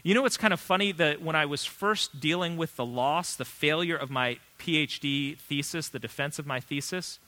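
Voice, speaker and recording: A man in his thirties, a pastor, preaching a sermon in an earnest, conversational way with emphatic pauses. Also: fairly high pitch, sharp tone.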